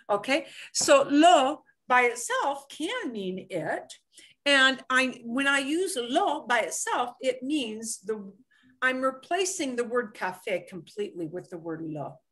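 A woman's voice: a little high, fairly bright tone. A woman teaching a beginner language class, explaining with lots of examples and repetition. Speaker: Spanish teacher. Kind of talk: live online language class.

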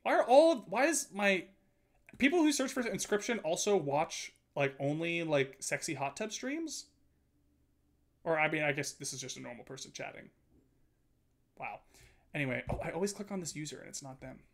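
A man's voice: fairly high pitch, normal speed, long pauses. A man streaming, chatting casually with his viewers and reading chat aloud. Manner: chatty, reads chat aloud, animated swings.

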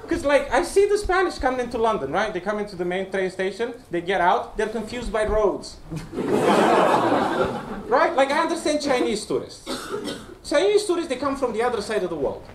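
Heard through an echoey room mic from far away, with a loud crowd and noise, a Romanian comic does stand-up with crowd work in a small basement club. His very high voice has big pitch swings and moves at normal speed, and he teases the audience playfully, checking in with "right?"

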